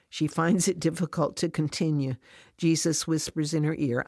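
A woman narrating a scripted devotional story in an even, measured way. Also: sits low, no echo, clean studio sound.

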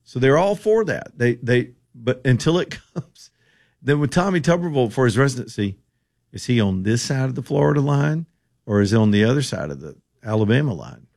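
A man's voice: medium pitch, expressive, fairly quick, creaky, a little mellow. A middle-aged man from the Southern United States hosting opinionated political talk radio, sarcastic, folksy and rambling.

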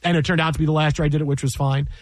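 A man's voice: on the high side, fairly even intonation, rapid-fire, no room sound. A man who works in sports broadcasting tells a story in casual chat, exasperated, repeating himself and acting out what people said.

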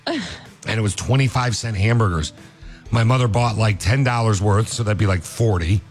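Low-voiced man rattling off joking trivia. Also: moderate pace, soft background music. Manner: joking, rambling fun facts. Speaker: host. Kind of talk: casual trivia chat.

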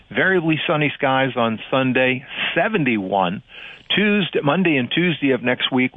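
A man from Cajun Louisiana giving a relaxed, conversational weather forecast on a radio show. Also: mid-range voice, no echo. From Cajun part of Louisiana. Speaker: radio meteorologist. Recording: tinny phone line.

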